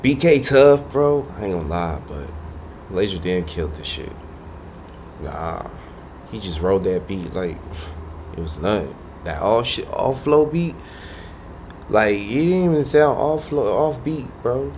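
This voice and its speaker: A man with a fairly low voice reacts to a rap track in casual, excitable slang, breaking in to comment. Steady background noise runs under him, with vehicles passing now and then. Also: a little slow. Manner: excitable, slangy, cuts in over the music. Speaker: music reaction host.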